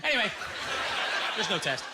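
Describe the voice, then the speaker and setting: A man from Canada doing a stand-up comedy set on a club stage, animated and slipping into silly voices. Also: high voice, normal speed. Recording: loud club crowd noise behind.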